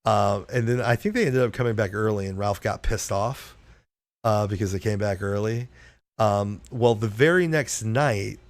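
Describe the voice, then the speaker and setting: Halting man telling a story. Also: medium pitch, dry recording. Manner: halting, stumbles over words. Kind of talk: casual storytelling.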